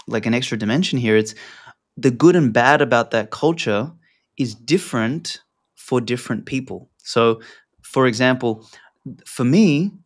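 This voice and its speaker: A man's voice: mid-range voice, measured pace. Blunt, rambling man in an interview. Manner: rambling, filler-heavy, blunt with casual swearing. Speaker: podcast guest. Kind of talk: casual interview talk.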